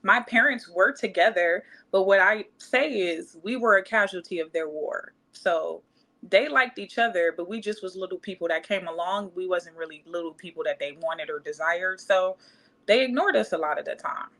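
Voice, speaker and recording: A woman's voice: lowish voice, moderate pace, pushed and bright. A woman, candidly telling a personal story in casual podcast chat and acting out other people's voices. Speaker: podcast co-host.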